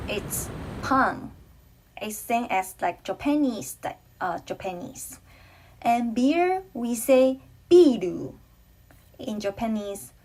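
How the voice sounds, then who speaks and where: A woman from Taiwan with a Taiwanese accent, whose first language is Taiwanese Hokkien, teaching a language lesson slowly and carefully, repeating phrases for the learner. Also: a little high, noisy background.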